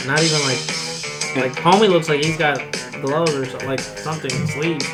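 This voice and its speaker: Laid-back slangy co-host, man, roomy echo, loud music behind. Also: a little high, fairly even intonation, normal speed. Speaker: podcast co-host. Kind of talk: casual chat. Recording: echoey room with loud music playing.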